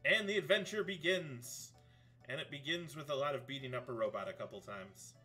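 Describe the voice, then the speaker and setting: Man, let's play streamer, chatty and rambling, bright voice, music faintly behind. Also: mid-range voice, fairly quick. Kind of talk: game commentary.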